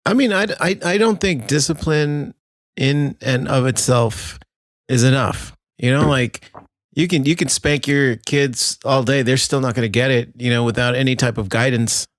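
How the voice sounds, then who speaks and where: Measured male co-host, halting starts. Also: medium pitch, no room sound, studio quality. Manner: measured, with hesitant restarts. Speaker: podcast co-host. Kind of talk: casual chat.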